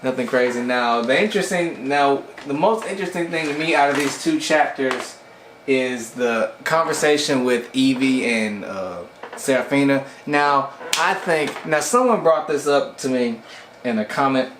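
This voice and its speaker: A man casually recapping webcomic chapters for his channel, retelling scenes with slangy asides and quick voiced-out lines for the characters. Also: medium pitch, reverberant, background noise. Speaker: webcomic reviewer.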